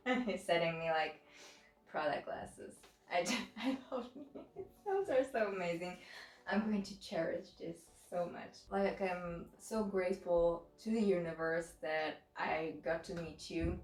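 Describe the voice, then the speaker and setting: Her voice on the low side and her pace measured, a makeup vlogger talks casually to the camera, laughing frequently mid-sentence and effusively thanking viewers. Faint music plays in a roomy, echoing space.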